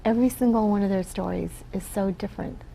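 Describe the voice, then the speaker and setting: A woman's voice: mid-range voice, fast, vocal fry, warm tone, slight background noise, low-quality recording. A woman from the Philippines, a guest on a talk show, telling stories in an earnest way and often asking "right?". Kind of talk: casual interview talk.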